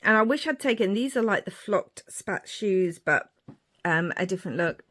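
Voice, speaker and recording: A woman's voice: mid-range voice, expressive, normal speed. A woman, chatting casually as she shows her crafting journal pages. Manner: chatty, rambling, warm asides. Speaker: crafting vlogger. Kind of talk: casual show-and-tell narration.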